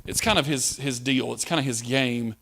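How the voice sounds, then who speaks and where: A man's voice: medium pitch, moderate pace, vocal fry, a bit bright, a little hiss or hum. A male pastor preaching a sermon in a conversational way, asking the listeners questions.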